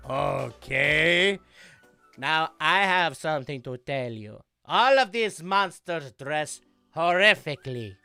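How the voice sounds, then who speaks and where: A man's voice: a little high, gravelly, bright, forceful tone, clean tone, full character voice. A man voicing a tiny, imperious female fashion designer with a clipped, commanding manner. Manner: clipped, imperious, drawn-out "darling".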